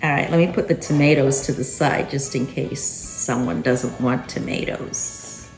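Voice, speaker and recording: A woman's voice: rumbling low, measured pace. A woman hosting a cooking vlog, chatting and reflecting to herself as she chops in her home kitchen. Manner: chatty and reflective, talks to herself while chopping. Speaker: vlog host. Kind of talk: casual cooking chat. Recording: echoey room with background music. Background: background music.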